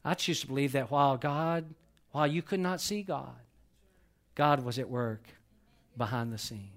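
A middle-aged man preaching a sermon to his church, swinging between loud emphatic peaks and soft hushed lows. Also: normal speed. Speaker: pastor. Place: church sanctuary.

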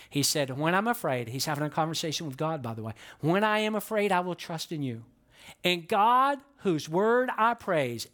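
A middle-aged man preaching a sermon in church as pastor, emphatic and building in intensity, asking the congregation questions and calling for their responses. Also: a bit bright. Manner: emphatic, rising in pitch and volume as he preaches. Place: church sanctuary.

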